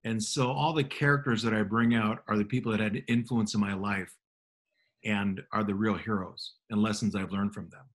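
A middle-aged man, a motivational speaker, telling relaxed self-deprecating anecdotes in conversation. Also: on the low side, normal speed. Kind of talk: storytelling in a radio conversation.

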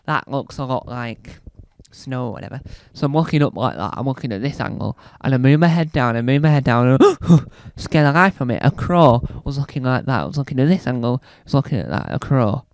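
A British man doing stand-up, telling a rambling story and acting out scenes with sudden loud, high squeals. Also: expressive, brisk, hardly any pauses, dry recording. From Britain. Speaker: stand-up comedian.

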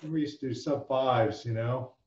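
A man chatting as a podcast guest, halting and unsure, laughing between phrases. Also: medium pitch, a little mellow. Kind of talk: casual chat. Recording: roomy lo-fi recording.

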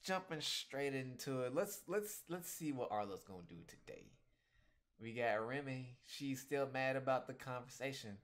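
A man's voice: medium pitch, normal speed. Slangy man reacting to a webcomic. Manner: animated, slangy, laughs often. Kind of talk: casual reaction commentary.

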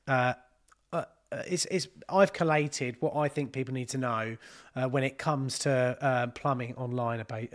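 A man, a plumber chatting casually on a live stream, rambling and swearing freely. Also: medium pitch. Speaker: plumber and channel host.

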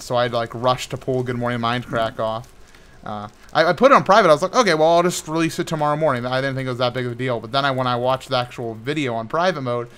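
A young man doing casual, rambling gameplay commentary as a gaming YouTuber, frustrated and sometimes yelling at the game. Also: mid-range voice, slight background noise.

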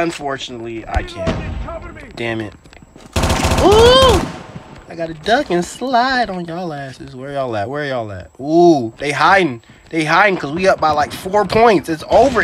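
A man casually commentating his own game, excitable and trash-talking, jumping from high yelps to muttered grumbles. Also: background noise. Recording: game gunfire and sounds behind voice.

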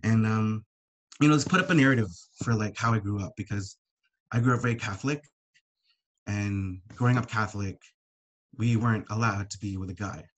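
A man's voice: lowish voice, fairly quick, pauses often. Emotional young man sharing openly. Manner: heartfelt, swears when upset. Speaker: panelist.

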